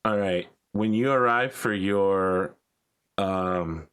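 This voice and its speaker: A man with a very deep voice runs a tabletop role-playing game as game master. He keeps a wry, conversational tone as he talks to the players. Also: slow, a bit bright, smooth.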